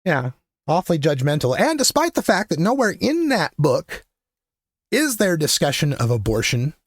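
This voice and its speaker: An older man hosts his own show in a profane, impassioned monologue, talking to his listeners and now and then breaking into loud shouting. His voice sits a bit high and swings widely in pitch. The sound is close and dry. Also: wildly swooping pitch, normal speed, dry recording. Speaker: show host. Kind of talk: opinionated political monologue.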